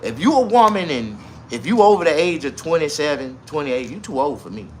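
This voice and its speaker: A man's voice: a little high, very animated, a little fast, darkish tone, a little hiss or hum. A man in his forties telling a crude, rambling comic story who often laughs at his own punchlines. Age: 40s.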